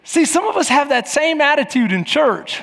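A man in his forties preaching a sermon as pastor, telling stories with lively acted-out voices and shouts. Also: extremely high pitch, moderate pace, gravelly, big-room sound. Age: 40s. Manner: animated storytelling, acting out voices and shouts. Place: church.

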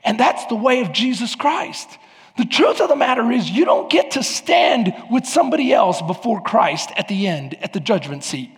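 A man preaching a sermon as pastor of a church, with emphatic rises and sudden shouts. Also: very high voice, very animated, moderate pace, long reverb tail. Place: church sanctuary.

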